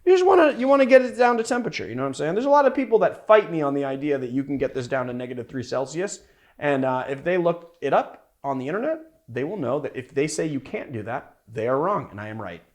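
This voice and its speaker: Chatty young bartender man, higher voice. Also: sing-song, fast talker. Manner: chatty and rambling, many fillers, playful. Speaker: bartender host. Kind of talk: casual cocktail-making show.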